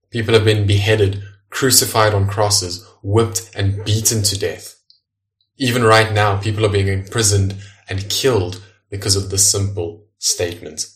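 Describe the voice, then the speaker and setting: A man preaching an earnest, measured sermon as pastor, slowing down to stress key phrases. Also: on the low side, recorded from a distance.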